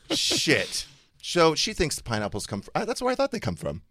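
A man hosting a talk show, chatting casually with animated, self-mocking storytelling and frequent swearing. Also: a little high, moderate pace, dry recording, studio quality. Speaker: radio show host. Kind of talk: casual chat.

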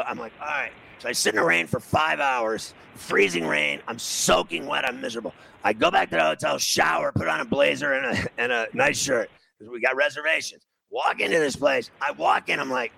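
A man's voice: fairly high pitch, expressive, a little fast, creaky, hardly any pauses, bright, forceful tone, poor audio. A middle-aged man from New City, telling a casual anecdote and acting out the quoted dialogue. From New York City.

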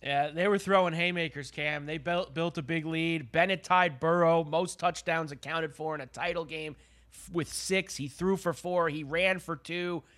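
Guy cohosting a betting show, bright ringing voice, gets pretty fired up. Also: a little high, normal speed. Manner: excitable, talks up the betting angle, frequent "uh". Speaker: sports betting show co-host. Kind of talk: casual sports chat.

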